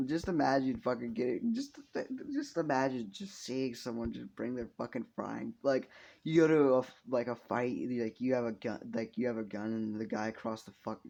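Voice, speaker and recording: Young man, gravelly voice, rambling casual storyteller, swears a lot, laughs at himself. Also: mid-range voice, darkish tone, muffled recording, a little hiss or hum. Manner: rambling, swears often, laughs at own jokes.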